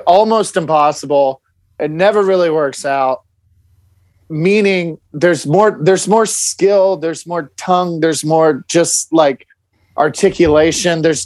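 A man's voice: fairly high pitch, no echo. Casual profane man on a dry mic. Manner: casual, profane, mock-earnest arguing. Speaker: podcast co-host, debater. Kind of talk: casual podcast debate.

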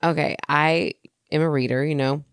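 Gravelly-voiced woman podcast co-host. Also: low-pitched, steady tone, moderate pace, no echo, clean studio sound. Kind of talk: casual chat.

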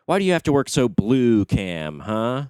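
A man's voice: medium pitch, very animated, moderate pace, a little mellow, clean tone, no room sound, clean studio sound. A man co-hosting a podcast, bantering playfully in casual chat. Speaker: podcast co-host.

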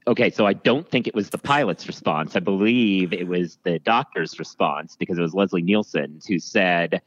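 A man guest on a podcast, answering questions in a thoughtful, measured way. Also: low-pitched, no room sound, dull audio. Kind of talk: casual interview chat.

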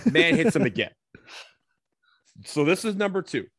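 A man telling a comedic personal anecdote, animated, swearing casually and acting out what people said. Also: high voice, normal speed, gravelly, dry recording, clean studio sound.

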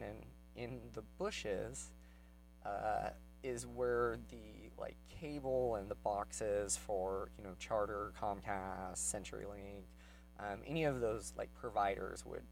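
A man casually telling a personal story, rambling with many fillers and growing heated and quick as he retells his anger. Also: on the low side, vocal fry, rough recording.

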